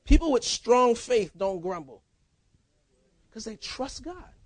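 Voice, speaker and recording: A man preaching a sermon as pastor, in a lively, conversational style with casual banter. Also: very high-pitched, slow pace, no room sound. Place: church.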